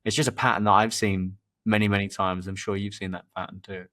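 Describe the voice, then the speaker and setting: Rambling man, fairly low voice. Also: fast talker. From England. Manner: rambling, repeats words, lively when telling anecdotes. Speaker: podcast host and performance coach. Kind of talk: casual conversational storytelling.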